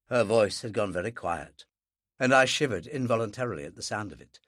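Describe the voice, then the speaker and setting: An audiobook reader narrating a thriller in the first person, in a measured, dry way. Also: low voice, animated, fairly bright tone, dry recording.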